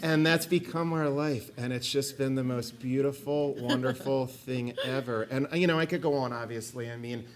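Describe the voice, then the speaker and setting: A middle-aged man giving a personal faith testimony, animated in places and hushed and earnest in others. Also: mid-range voice, normal speed, few pauses. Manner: animated, shifts between excited and hushed earnest tones.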